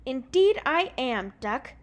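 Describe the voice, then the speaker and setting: A woman reading aloud and voicing a cocky young man, with a loose attempt at an English accent and a loud, teasing manner. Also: sits high, sing-song, slow, exaggerated voice.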